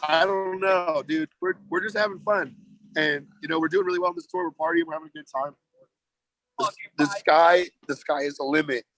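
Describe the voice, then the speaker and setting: A man's voice: fairly high pitch, fairly even intonation, brisk, fairly bright tone, no echo, rough recording. A man from the United States, a touring band member, joking around and swearing freely as a guest in casual podcast chat.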